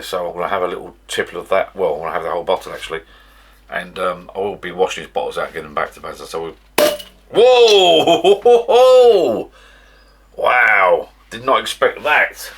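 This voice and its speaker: This middle-aged UK vlogger has a deep, slightly rough voice that still sounds bright, with a forceful tone. Filming in his garden bar shed, he chats casually and rambles, restarting himself frequently.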